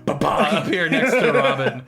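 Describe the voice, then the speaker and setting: A game master narrating a tabletop role-playing game in a relaxed way, with laughing asides. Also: mid-range voice, normal speed, over a noisy crowd.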